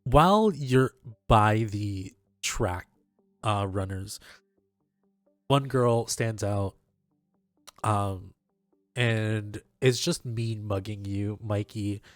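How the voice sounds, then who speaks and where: A man's voice: on the low side, drawn-out words, long pauses, no echo, faint music behind. A man narrating as game master of a tabletop game, explaining rules unhurriedly with fillers.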